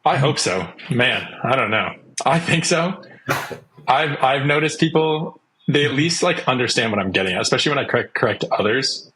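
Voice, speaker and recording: A man's voice: medium pitch, animated, moderate pace, bright, forceful tone, rough recording. A young man talking casually as a guest, chatty, with lots of "like" and acted-out quotes. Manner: chatty, many "like"s, acts out quotes. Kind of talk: casual interview talk.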